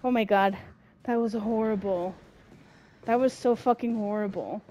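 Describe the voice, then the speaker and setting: A young gamer swears heavily and jumps at scares while narrating a horror game and addressing it directly. She speaks in a mellow, medium-pitched voice at an unhurried pace.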